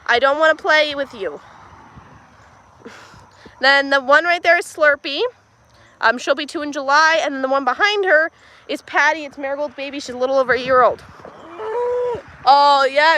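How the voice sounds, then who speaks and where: Her voice is high-pitched and sharp, with slight background noise, as she livestreams casually from a farmyard and barn on a handheld phone. Between farm chores, the host talks to viewers and her animals and laughs frequently.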